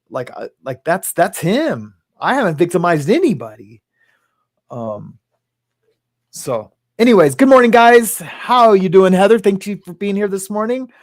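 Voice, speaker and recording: A man's voice: on the high side, a little mellow, no echo. A man hosting a casual livestream, rambling and hesitant, with many ums as he greets viewers by name. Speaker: livestream host.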